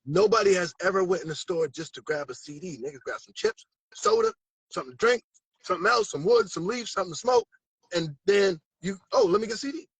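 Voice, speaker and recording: A man from Massachusetts speaks as a guest in a casual interview. His voice is husky and a little high, and it sounds close and dry with no room echo. He talks animatedly in profane street slang. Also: big pitch swings, brisk, a bit bright. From Brockton, Massachusetts. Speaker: guest musician.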